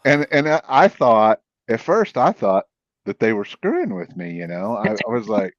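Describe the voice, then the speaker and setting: A man, a podcast guest, telling a field story in a rambling, animated way with many restarts. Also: lowish voice, moderate pace, no room sound. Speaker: podcast guest, cryptid investigator. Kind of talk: casual storytelling. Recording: dull, dry, lo-fi sound.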